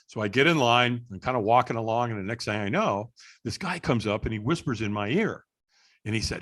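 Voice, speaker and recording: A middle-aged man telling a story as a guest on a podcast, animated and acting out the voices of people in the story. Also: medium pitch, a little fast. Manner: animated storyteller, acts out quoted dialogue. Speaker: guest, firewalk instructor.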